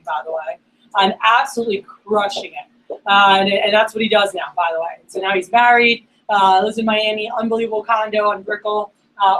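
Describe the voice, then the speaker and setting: A woman speaking at a staff meeting, telling a motivational story in a casual, animated, slangy way with lots of fillers. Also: medium pitch, slight background noise, rough recording. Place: meeting room.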